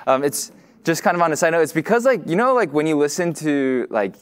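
Chatty, fast-talking preacher, fairly high. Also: male voice, expressive, clear, resonant tone. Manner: casual, full of fillers like "you know" and "like"; says he tends to talk fast. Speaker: pastor. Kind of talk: sermon.

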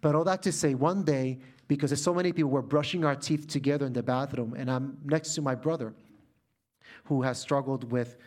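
A middle-aged man from Puerto Rico delivers a sermon built around a family story. His voice sits at an ordinary mid pitch, animated when telling stories and softening to near-hush in tender passages. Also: fairly quick. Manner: animated storytelling, drops soft and quiet when emotional. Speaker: preacher.

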